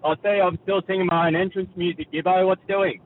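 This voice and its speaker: A man's voice: high voice, fairly even intonation, quick pace, distant mic, natural voice. A man voicing a rambling, blokey wrestling-fan caller with an Australian accent, heard over a phone line. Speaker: caller character on radio show. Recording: tinny phone line with faint noise.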